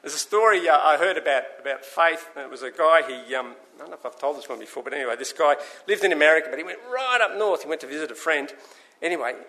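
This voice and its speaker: A male preacher delivers a sermon in a bright, slightly high voice. He tells stories in an animated way and acts out the people in them. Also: fast.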